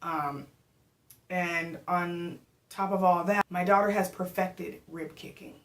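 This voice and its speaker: A young adult woman vlogging casually, telling a story to the camera in a chatty, animated way with lots of fillers. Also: lowish voice, slow pace. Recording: echoey room.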